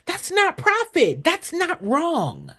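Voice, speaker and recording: A woman's voice: extremely high pitch, wildly swooping pitch, slow, fairly bright tone. A middle-aged woman, a nonprofit consultant, teaching viewers in a blunt, emphatic way, repeating key lines like a preacher. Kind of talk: direct live-stream teaching to viewers.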